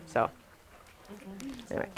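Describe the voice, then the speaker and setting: A woman facilitating a songleading workshop, talking animatedly to a group and telling stories. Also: unhurried. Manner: animated, storytelling, often sings lines to demonstrate.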